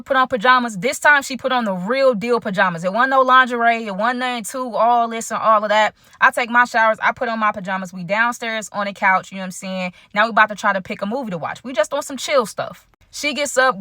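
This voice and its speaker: A woman's voice: on the high side, pushed and bright, no echo, clean studio sound. A woman telling a personal story to her viewers in a casual storytime vlog, slangy and chatty, talking straight to the audience. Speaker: content creator telling a story.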